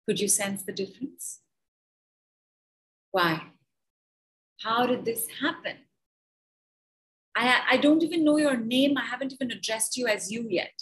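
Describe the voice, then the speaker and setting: A woman, a healer guiding a breathing exercise and then giving a talk in a slow, deliberate, soothing way. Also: fairly high pitch, lively intonation, a bit bright, poor audio. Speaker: healer and guest speaker. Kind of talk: guided healing session and talk.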